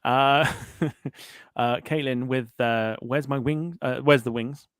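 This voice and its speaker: Host brief: man, mid pitch, dry close sound, jokey chat reader. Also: fairly even intonation, slow pace, a bit bright, smooth, dry recording. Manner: jokey, laughs often between comments. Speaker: podcast host. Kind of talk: casual chat, reading out live chat comments.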